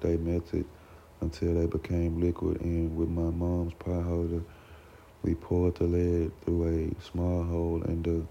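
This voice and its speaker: A man reading a book aloud for a self-development lesson, steady and a little halting, with small slips and restarts, on a dull lo-fi recording. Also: low voice, vocal fry. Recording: dull lo-fi recording with faint noise.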